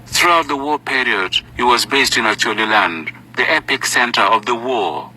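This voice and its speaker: A man giving scripted documentary narration in a measured, formal manner. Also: medium pitch, animated, sharp tone, slight background noise, low-quality recording.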